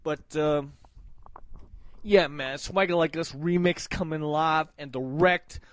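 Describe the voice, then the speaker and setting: A swaggering man rattles off profane shout-outs in a high, bright voice, bursting into sudden yells. He talks slowly and takes his time between lines. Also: no echo, low-quality recording. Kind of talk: casual hype shout-outs.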